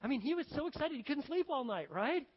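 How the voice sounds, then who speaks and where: A man with a notably high voice preaches a sermon in a loose, chatty, storytelling style, slipping into the scenes he describes. His voice carries a long reverb, as from a big hall, and the sound is a little dull and muffled. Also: big pitch swings, quick pace. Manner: conversational, storytelling preacher who acts out scenes. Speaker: pastor.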